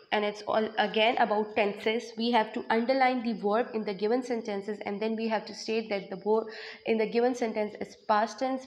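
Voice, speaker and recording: A woman's voice: a little high, low-quality recording. A woman teacher going through revision exercises, spelling words letter by letter and explaining answers plainly. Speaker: school teacher. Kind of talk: recorded revision lesson.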